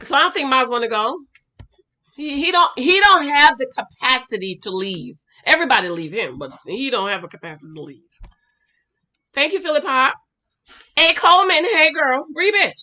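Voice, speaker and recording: A woman with a bright, ringing voice runs a live reaction stream. She reads out viewer comments and answers them in an emphatic, sassy way. Her voice sits fairly high. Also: very animated, normal speed. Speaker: YouTube reaction host.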